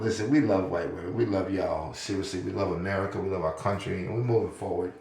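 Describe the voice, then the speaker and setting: An older man talking in a casual podcast monologue, profane and animated, laughing often between points. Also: deep voice, quick pace, creaky, hardly any pauses. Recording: roomy echo.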